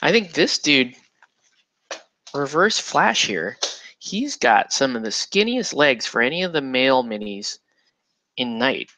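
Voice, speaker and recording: Chatty man with a bright voice. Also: medium pitch, very animated, unhurried, pauses often, no room sound. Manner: chatty, mutters quietly to the model while inspecting it. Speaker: miniature hobby host. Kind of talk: casual hobby commentary.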